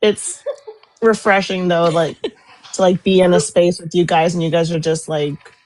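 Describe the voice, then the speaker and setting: A woman's voice: lowish voice, steady tone, normal speed, a little mellow. A woman hosting a casual interview chat on a video call, chatty and full of fillers. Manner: chatty, uses many fillers. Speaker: host.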